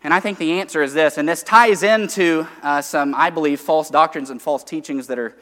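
A man preaching a sermon, teaching conversationally from Scripture and alternating rising emphasis with quiet asides. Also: a little high, a little fast, long reverb tail.

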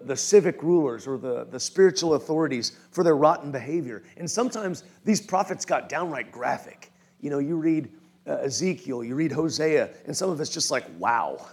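In a slightly high, husky voice, a male pastor delivers a conversational sermon. His manner is informal, and he often checks in with his listeners.

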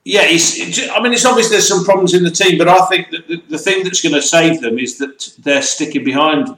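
A man's voice: a little high, fairly quick, fairly bright tone. A man co-hosting a casual motoring talk show, ranting and mocking mispronunciations in playful chat. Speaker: co-host. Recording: echoey room.

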